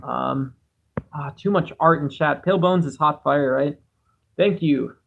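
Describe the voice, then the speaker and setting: A man with a somewhat high voice hosts a relaxed livestream. He reads chat messages aloud and wanders from thought to thought, often putting himself down. He talks into a cheap home microphone. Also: unhurried, creaky, phone-quality sound. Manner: rambling, musing, self-deprecating. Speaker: livestream host.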